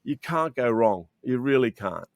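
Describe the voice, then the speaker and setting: An Australian chocolatier appears as a guest in a video interview, eagerly telling stories and acting out his exchanges with customers. His medium-pitched voice moves a little slowly, and the animated delivery has frequent restarts. It's captured over a video call with no echo.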